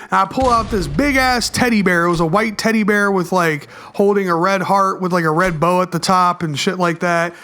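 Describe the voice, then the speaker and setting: Young male YouTuber, high voice, slangy and cussing, animated storytime over gameplay. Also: normal speed.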